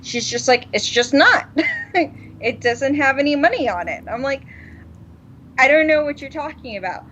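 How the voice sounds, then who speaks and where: This podcast co-host sits high in pitch and talks at a normal speed, animatedly recounting a story, laughing a lot and voicing what others said. The recording is dull and lo-fi with a little hiss or hum.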